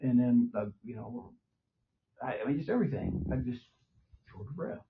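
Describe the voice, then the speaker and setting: A man's voice: mid-range voice, sing-song, moderate pace. Older man, winded patient, plain-spoken rambler; muffled lo-fi hospital-room recording. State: short of breath. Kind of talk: casual conversation. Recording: dull lo-fi recording with faint noise.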